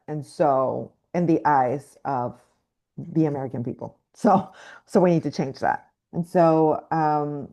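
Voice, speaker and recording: A woman's voice: low voice, warm tone. A young woman from Mexico with a light Mexican accent, a guest actress talking reflectively in an interview, with frequent fillers and restarts. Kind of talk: casual interview talk.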